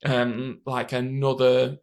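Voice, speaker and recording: A man's voice: medium pitch, completely flat delivery, slow. A British man co-hosting a casual film podcast, rambling through memories of a movie. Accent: British English. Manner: rambling, storytelling, many fillers. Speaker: podcast co-host. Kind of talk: casual film review chat.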